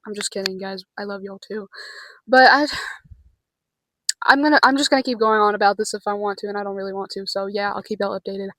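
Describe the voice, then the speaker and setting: A young woman talks to her camera in a casual vlog, nervous and rambling, with the odd swear word. Her voice sits at an ordinary pitch for a woman and sounds close and dry, with little room around it. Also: fairly even intonation, fairly quick, pushed and bright, no echo, rough recording. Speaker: vlogger.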